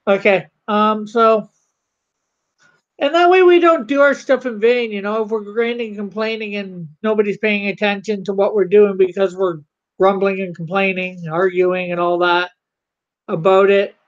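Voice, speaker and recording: A comic artist chatting casually on a livestream from home, rambling and halting while reading the chat. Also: mid-range voice, steady tone, lo-fi sound.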